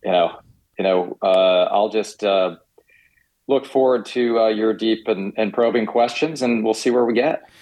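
A middle-aged man, a company founder guesting on a podcast, telling his story hesitantly with many pauses. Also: on the low side, a little mellow, rough recording. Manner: hesitant, many fillers and restarts. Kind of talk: casual podcast interview.

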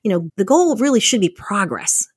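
A woman's voice: mid-range voice, sing-song, moderate pace, slightly rough, no room sound, clean studio sound. A woman in her thirties hosting a podcast, talking candidly and chattily to listeners and laughing often as she goes. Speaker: podcast host. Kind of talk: casual motivational talk.

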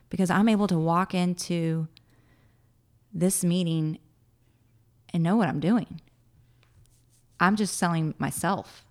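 A woman in her thirties, lower-pitched than most, tells a heartfelt story in an interview. She acts out her own past words and laughs often, her voice rising and falling with feeling. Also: measured pace, long pauses, a little mellow. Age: 30s. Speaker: guest. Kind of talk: emotional personal storytelling in an interview.

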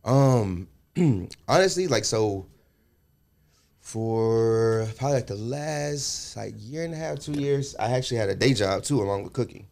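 A man's voice: mid-range voice, expressive, a little slow, vocal fry, darkish tone. A young man, a chef guest on a podcast, chatting casually and loosely with many fillers. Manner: laid-back, many fillers.

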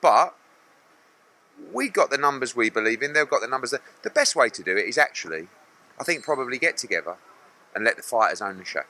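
Blunt, animated promoter. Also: male voice, medium pitch, fairly quick. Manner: blunt and animated, acts out other people's lines. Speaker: boxing promoter. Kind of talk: press interview answers.

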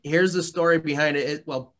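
A man's voice: on the high side, fairly even intonation, fairly quick. A man being interviewed as a guest, talking casually and rambling, with lots of restarts and easy laughter. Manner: rambling, many fillers and restarts, laughs often. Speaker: interview guest, hot sauce maker.

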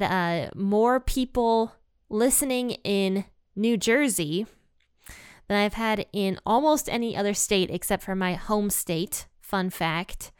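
A woman's voice: medium pitch, clear, resonant tone, dry recording, studio quality. A woman hosting a Bible podcast from home, chatting casually and upbeat with listeners and reading scripture aloud. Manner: chatty and upbeat, laughs easily. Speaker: podcast host.

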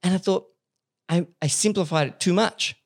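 A man's voice: high-pitched, moderate pace. A man hosting a podcast, telling stories animatedly, swearing freely and restarting sentences. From Australia. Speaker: podcast host. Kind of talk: casual podcast chat.

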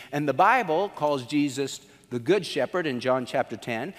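A man with a high, bright-sounding voice delivers a lively sermon, telling stories with animation and acting out what people said. His voice rings with the long reverb of a big church hall. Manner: animated storytelling, acts out quotes with swings in pitch. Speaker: pastor.

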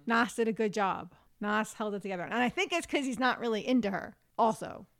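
A woman's voice: on the high side, fairly quick. A woman co-hosting a podcast, recapping a reality dating show in casual, wry chat and laughing often. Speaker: podcast co-host.

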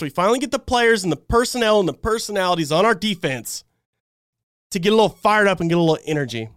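Exasperated man ranting, fairly high voice. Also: lively intonation, fast, a bit bright, no room sound, clean studio sound. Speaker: fan channel host. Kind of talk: livestreamed fan game breakdown.

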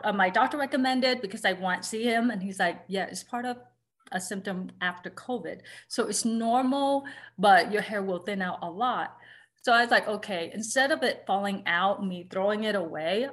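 A woman in her thirties speaks as a guest on an interview podcast, her voice sitting at an ordinary middle pitch. She talks in a candid, chatty way, filling her sentences with "like" and "you know". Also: fairly bright tone. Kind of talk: casual interview talk.

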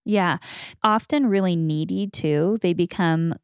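A woman in her thirties hosting a podcast, explaining ideas in a clear, teaching manner during a conversation. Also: on the low side, measured pace, dry recording, clean studio sound. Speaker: podcast host. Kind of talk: conversational interview.

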